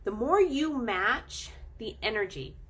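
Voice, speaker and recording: Woman, middle-aged, husky voice, casual coaching talk, playful and animated. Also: on the high side. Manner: animated, playful, drawn-out emphasis. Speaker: animal chiropractor and channel host.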